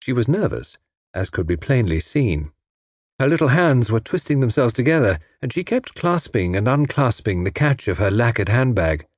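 A man narrating an audiobook in a measured, expressive reading voice, close to the mic. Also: medium pitch, no echo. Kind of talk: scripted narration.

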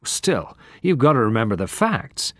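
A man plays a practical police major, matter-of-fact and doubting, close to his own plain voice. Recorded close and dry, with an even-toned delivery. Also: mid-range voice, normal speed, dry recording. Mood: skeptical. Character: practical middle-aged male police major, skeptical.

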